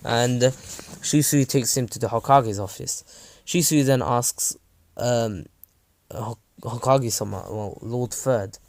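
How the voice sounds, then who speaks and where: A man's voice: mid-range voice, takes it slowly, a little mellow, no echo. A man casually narrating a fan story, rambling with many fillers and restarts.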